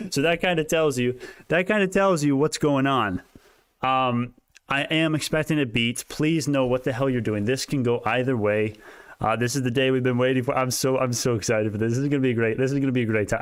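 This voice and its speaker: Excitable guy doing a stock livestream, smooth clear voice, dry close sound, kinda breathless. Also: medium pitch, dry recording. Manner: excitable, laughing, restarts sentences. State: a little out of breath. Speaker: stock market livestream host. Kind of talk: casual livestream talk.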